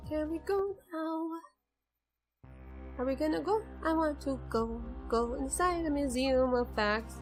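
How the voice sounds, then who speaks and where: Woman, young adult, gamer, chatty, wisecracking, fairly high-pitched. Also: measured pace. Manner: chatty and wisecracking about the game. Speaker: let's play gamer. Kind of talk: casual gameplay commentary. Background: faint game music.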